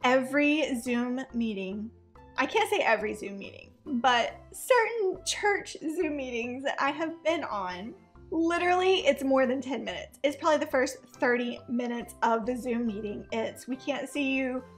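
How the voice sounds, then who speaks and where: A woman's voice: high-pitched, lively intonation, moderate pace, soft background music. A woman in her thirties, a mom chatting animatedly in a casual reaction vlog and laughing often. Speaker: vlogger, mom.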